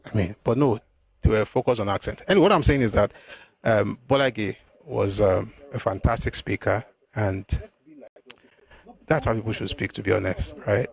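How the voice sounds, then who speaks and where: A man hosting a live stream, answering viewer comments in an animated, exclamatory way, often repeating himself. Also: on the low side, normal speed, gravelly, slightly rough. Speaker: host.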